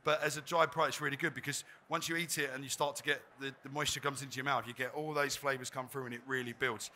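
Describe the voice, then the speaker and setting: Bright chatty chef at a demo. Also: male voice, mid-range voice, little pitch movement, fast talker, slight background noise. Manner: chatty, joking, self-deprecating. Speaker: chef giving a cooking demonstration. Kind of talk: live cooking demo talk. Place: trade fair demo stage.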